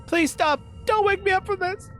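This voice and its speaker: A man voicing a pet cat who begs to be left alone in a dream, in a soft, raised voice. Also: very high-pitched, moderate pace, soft background music, voice pushed up. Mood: begging. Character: pet cat refusing to be woken, wistful.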